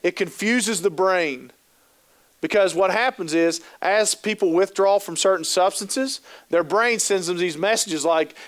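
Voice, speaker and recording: A man's voice: sits high, normal speed. A man giving a talk at a training session, telling stories with animation, acting out quoted thoughts and asking the audience rhetorical questions. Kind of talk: conference talk.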